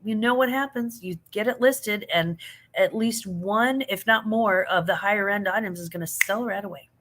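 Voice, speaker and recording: A woman's voice: mid-range voice, normal speed, a bit bright. A middle-aged woman hosting a casual live chat, answering viewers with laughs and affection while yawning and sleepy. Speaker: livestream host answering chat.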